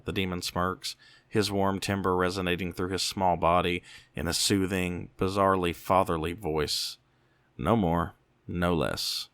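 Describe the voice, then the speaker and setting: A man reading a first-person horror story in a slow, measured way. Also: sits low, flat delivery, fairly bright tone, smooth, no room sound.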